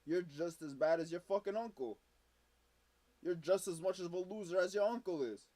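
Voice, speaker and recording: A man's voice: high-pitched, moderate pace, mellow, dry recording. A young man streaming, ranting with angry, profane reaction commentary.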